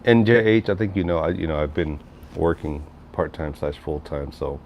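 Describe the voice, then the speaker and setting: A man's voice: rumbling low, steady tone, moderate pace, dull audio, a little hiss or hum. A middle-aged man rambling casually on a livestream, reading chat messages aloud and answering viewers. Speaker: livestream host.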